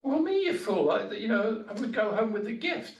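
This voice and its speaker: A man acting out an arrogant, hot-tempered ancient debater, pushing his voice up high and barking out scornful demands. He sounds impatient and full of himself. The voice carries from a distance across a roomy hall. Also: steady tone, moderate pace.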